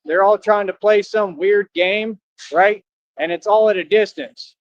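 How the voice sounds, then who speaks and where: High-voiced man ranting on a stream. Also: a little slow, no room sound, highs cut off. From Austin, Texas. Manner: confrontational, repetitive, streetwise slang. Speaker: livestreamer. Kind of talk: ranting livestream monologue.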